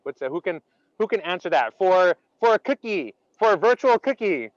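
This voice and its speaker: A man leading an interactive online laughter workshop, animated and chatty, quizzing his audience and filling his speech with "like". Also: high-pitched, normal speed, dry recording, highs cut off. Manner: animated, chatty, asks audience questions, many "like" fillers.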